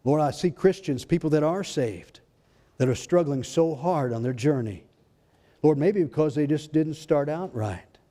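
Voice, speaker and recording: A male pastor preaching a fervent sermon, swinging between loud exclamations and hushed, intimate lines. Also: fairly high pitch, normal speed. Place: church sanctuary. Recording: long hall reverb in a church.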